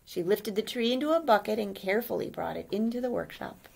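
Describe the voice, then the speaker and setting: A woman reading a children's story aloud gently, pausing to ask the listener questions. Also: medium pitch, lively intonation, vocal fry.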